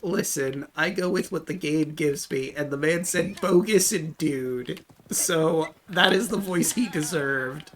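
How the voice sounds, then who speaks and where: A man's voice: fairly high pitch, measured pace, a little hiss or hum. A man streaming a game, chatting casually and joking about what happens on screen. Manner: joking, reads game text aloud. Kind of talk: casual gameplay chat.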